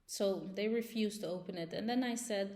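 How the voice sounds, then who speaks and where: A woman's voice: medium pitch, moderate pace, darkish tone. A young woman vlogger telling a personal story in a casual, agitated and emotional way.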